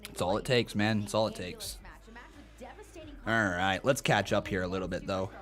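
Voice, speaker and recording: A man hosting a wrestling watch-along stream, reacting with excitement and reading out viewers' chat messages. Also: fairly low pitch, normal speed, faint music behind. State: out of breath. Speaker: live-stream host.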